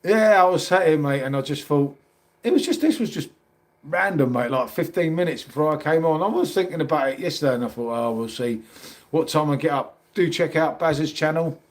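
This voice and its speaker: A man's voice: fairly high pitch, fairly quick. Matey London man chatting on a livestream. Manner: chatty, matey, calls everyone mate. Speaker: livestream host. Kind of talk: casual live chat reading comments.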